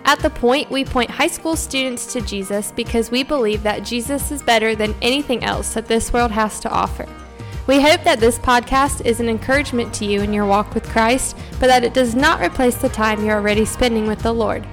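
Female co-host, fairly high voice, upbeat scripted intro, soft music under it. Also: fairly quick. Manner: friendly, upbeat, read from a script. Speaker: podcast co-host.

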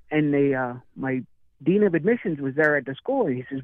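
A man and author telling a story in casual chat, acting out the lines of the people in it with lively energy. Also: a little high, fast talker, no echo, narrow, tinny audio. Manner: animated, acts out dialogue in story. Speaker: guest speaker and author.

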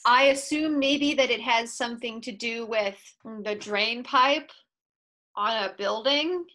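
A young woman chats quickly and playfully as a podcast co-host. Her voice sits a little high. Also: bright, forceful tone. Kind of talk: casual podcast chat.

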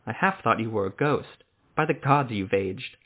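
A man's voice: medium pitch, lively intonation, fairly quick, lightly acted. Cheerful, formal male marshal as a man reads him, mid-range voice, thin lo-fi sound. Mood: hearty. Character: cheerful middle-aged male imperial marshal. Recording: tinny phone-like sound.

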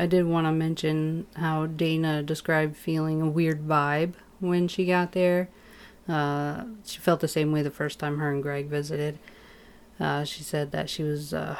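A woman's voice: deep voice, darkish tone, clean tone. A woman co-hosting a podcast, recounting events steadily with small uh fillers in a casual recap. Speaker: podcast co-host.

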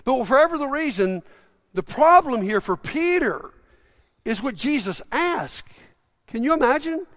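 A man preaching a sermon, retelling scripture as a story and acting out the quoted lines, swinging from loud to hushed. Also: very high voice, very animated, a little slow, in a large hall.

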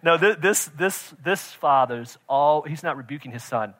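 High bright pastor guy preaching hard, shouts then goes quiet, keeps saying right?. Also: expressive, normal speed. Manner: emphatic, repeats "right?" to the congregation; swings from loud shouting to quiet intensity. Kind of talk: sermon.

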